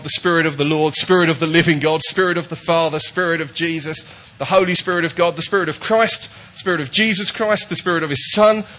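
A man's voice: a little high, a bit bright. A man preaching a sermon to his church, emphatic and repetitive, often restarting his words. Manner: emphatic, repetitive, with false starts. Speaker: pastor.

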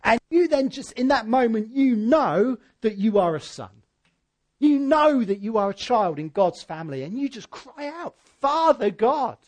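A man preaching a sermon in church, swinging from loud emphatic peaks to quiet, low asides. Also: lively intonation, normal speed. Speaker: pastor.

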